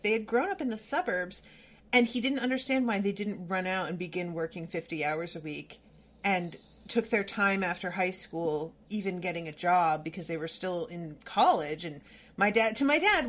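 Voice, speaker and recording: A woman hosting a casual book-club podcast who talks earnestly and stumbles and restarts when moved. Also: medium pitch. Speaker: podcast host.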